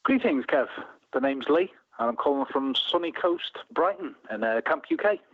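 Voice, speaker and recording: A man's voice: on the high side, very animated, normal speed, no echo. A man with a Merseyside accent calling into a radio show, talking in a wry, rambling, casual way. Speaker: caller. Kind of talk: phone-in chat. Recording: narrow phone line.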